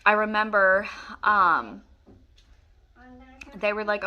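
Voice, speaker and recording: A woman's voice: medium pitch, a little slow, bright, forceful tone, dull audio. Emotional young woman telling a story. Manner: emotional, rambling with many fillers. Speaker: vlogger telling her birth story. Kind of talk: casual storytelling to camera.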